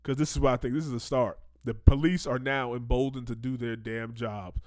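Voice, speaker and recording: A man hosting a casual commentary show, reacting in animated slang and breaking into mocking quoted voices. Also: medium pitch, fairly quick, no room sound, studio quality.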